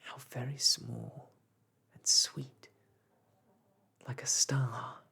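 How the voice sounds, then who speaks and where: A reader whispering as an excited little girl. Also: medium pitch, extremely slow, gravelly, breathy edge, pitched above the performer's own voice, heavily acted. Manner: excited, eager. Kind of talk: whispered role-play.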